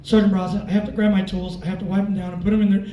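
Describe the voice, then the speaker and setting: Man playing a keen young airman, over-eager, high voice, echoey hall, distant mic. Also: level tone, very fast, mellow, muffled recording, a little hiss or hum, natural voice.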